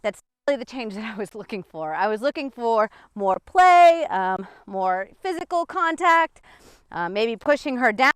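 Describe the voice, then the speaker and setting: A woman dog trainer walks a dog outdoors, explaining her methods at a moderate pace while a bit out of breath. Her voice is clear and resonant with big pitch swings, jumping high when she praises the dog, and there's no echo.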